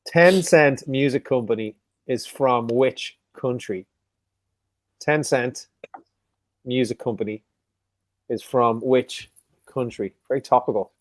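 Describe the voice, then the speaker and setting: Male quiz host, joking and unhurried, in a dry close sound. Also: mid-range voice, no echo. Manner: jokey, repeats each question slowly. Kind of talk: casual live quiz hosting.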